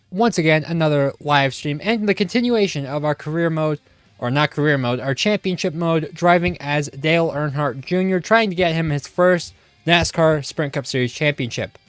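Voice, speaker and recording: A man's voice: on the high side, no echo. A man streaming a racing game live, commenting casually and greeting his chat. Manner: eager, casual, talks to chat. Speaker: gaming streamer.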